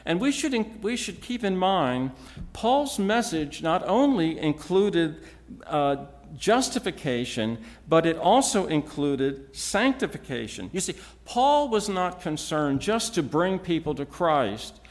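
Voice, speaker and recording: A man preaching an expository sermon, teaching in a measured, emphatic way with frequent restarts. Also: a little high, sing-song.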